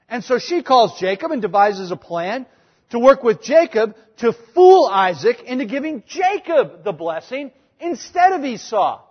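A male pastor delivering a sermon, emphatic and chatty by turns. His voice is high and a little husky. It carries a long hall reverb on a dull, muffled recording. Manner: emphatic, conversational, switching between loud points and quiet asides.

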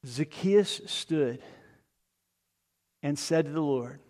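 A man preaching a sermon, retelling a story with lively asides to the congregation. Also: fairly high pitch, slow, big-room sound.

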